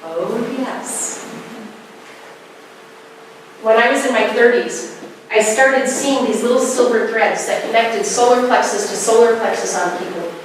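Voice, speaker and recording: Brief: woman in her 40s, higher pitch, spiritual speaker, animated storytelling, recorded in an echoey room far from the mic. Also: moderate pace. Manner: animated storytelling with acted quotes. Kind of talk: conversational talk. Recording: echoey room, distant mic, faint noise.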